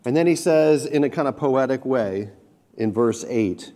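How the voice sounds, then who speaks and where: Earnest male preacher, mid-pitched. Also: animated, mellow. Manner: earnest, slows and swells on scripture quotes. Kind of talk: sermon.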